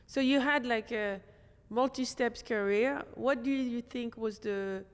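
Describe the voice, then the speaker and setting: Woman interviewer, smooth clear voice, reverberant room; curious and supportive. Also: on the high side, measured pace. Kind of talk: interview conversation.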